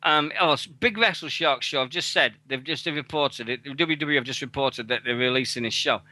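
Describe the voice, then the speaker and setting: A man co-hosting an internet wrestling radio show, talking excitably and swearing freely. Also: mid-range voice, fairly quick, few pauses, no echo. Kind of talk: casual internet radio chat.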